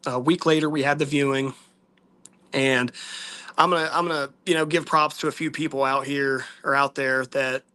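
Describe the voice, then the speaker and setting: A man vlogging to viewers, telling a personal story in a halting, soft-spoken, earnest way. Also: mid-range voice, fairly even intonation.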